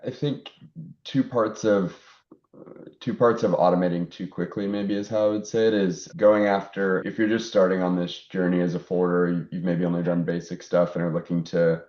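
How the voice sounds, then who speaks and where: A man with a deep, mellow voice explains step by step on a webinar panel, thoughtful and steady. His audio is dull and echoey. He leans on small fillers as he thinks. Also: moderate pace. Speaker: panelist, technology and forwarding executive.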